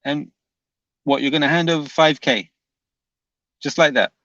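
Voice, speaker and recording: A man's voice: a little high, fairly even intonation, unhurried, bright, forceful tone, no room sound. A man hosting a livestream, reading chat comments aloud and answering them with dry, unbothered banter. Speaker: livestream host. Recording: dull dry lo-fi mic.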